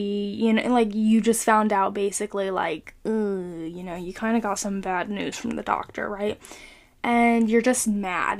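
A young woman talking casually and earnestly about her faith, hesitant and full of filler words. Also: fairly high pitch. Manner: hesitant, full of ums and you-knows; earnest, soft-spoken. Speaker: vlogger sharing a faith reflection. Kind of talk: casual devotional talk.

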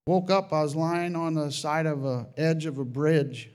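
A man with a fairly high voice recounts a dream in an earnest personal testimony. He halts and restarts often. At emotional moments his voice climbs high and grows loud. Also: steady tone. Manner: earnest, halting storytelling with many restarts. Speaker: Christian sharing a testimony.

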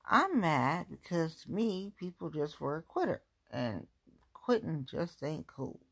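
A woman's voice: sits low, big pitch swings, a little slow, vocal fry, fairly bright tone, slightly rough. A woman from the Cincinnati area chatting casually in a rambling, self-mocking vlog at home, firing off exasperated rhetorical questions. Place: at home, going through belongings.

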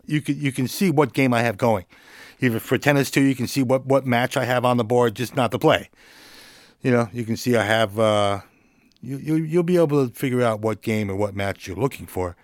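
A man's voice: mid-range voice, no room sound, clean studio sound. A man hosting a casual solo podcast, laid-back and joking, chuckling now and then as he talks. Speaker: podcast host.

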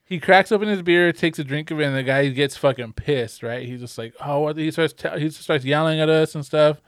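A man's voice: fairly high pitch, a little fast, no room sound, studio quality. A young man telling a rambling, profane story in casual podcast chat, laughing often. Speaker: podcast co-host.

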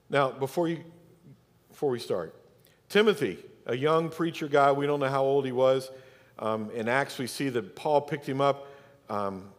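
Lively-voiced pastor preaching in a reverberant church. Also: male voice, mid-range voice. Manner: emphatic, talks directly to the congregation. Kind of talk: sermon. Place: church sanctuary. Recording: long church hall reverb.

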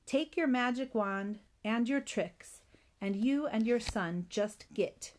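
A woman's voice: on the high side, expressive, takes it slowly, darkish tone. A woman voicing an angry crowd of townspeople who scold and drive people away.

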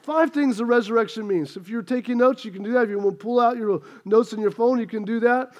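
A man's voice: extremely high pitch, quick pace, a little mellow, dull audio. A middle-aged man, a pastor, preaching a sermon and telling a funny self-deprecating story about his marriage in a chatty way. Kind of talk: sermon with a humorous personal story.

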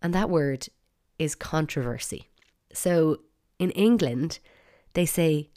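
A woman's voice: deep voice, a little slow. An Irish woman hosting a solo podcast, chatty and opinionated with playful emphasis. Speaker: podcast host.

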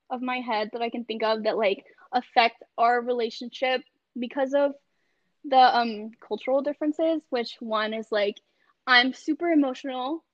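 A woman's voice: a little high, dry recording. Chatty young woman on a dull video call. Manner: chatty, many fillers, laughs often. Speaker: podcast guest. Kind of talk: casual conversation on a video call.

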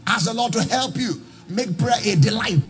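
Pastor guy preaching, high voice that swoops all over, half sung half shouted, soft music under it. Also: lively intonation, moderate pace. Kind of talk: sermon.

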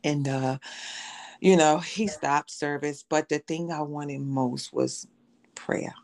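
Low gravelly-voiced woman telling her story. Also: fairly even intonation, slow pace, darkish tone. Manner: storytelling, acts out quoted voices. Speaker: podcast guest. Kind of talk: personal testimony in conversation.

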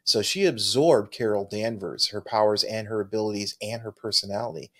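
A man co-hosting a comic book show, talking eagerly in casual chat with frequent restarts. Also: fairly low pitch. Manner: enthusiastic, halting, full of restarts. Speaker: comic book podcast co-host.

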